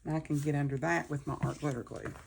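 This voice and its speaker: A woman's voice: low-pitched, level tone, fast talker, gravelly, a little hiss or hum. A woman vlogger chatting casually in her home office, rambling and talking through each step as she crafts. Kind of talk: casual chat while crafting.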